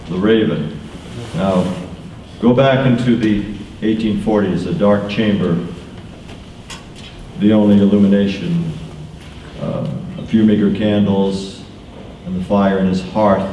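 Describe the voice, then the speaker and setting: A man's voice: lowish voice, warm tone, slight background noise. A man hosting a live event, setting the scene for a recitation. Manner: quick scene-setting introduction. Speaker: event host. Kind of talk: spoken introduction at a live tribute. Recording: echoey, distant, muffled live recording.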